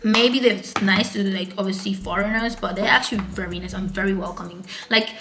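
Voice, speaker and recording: A woman's voice: mid-range voice, fairly even intonation, a little fast, creaky, noisy background. A young woman, chatting casually in a vlog and rambling with lots of filler words. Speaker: vlogger.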